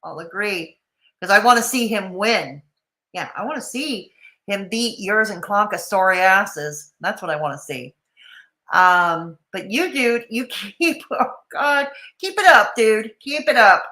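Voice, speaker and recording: A woman's voice: medium pitch, lively intonation, unhurried, bright, forceful tone. Sarcastic woman streamer, roomy sound. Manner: sarcastic, chatty. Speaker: streamer host. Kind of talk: casual livestream chat.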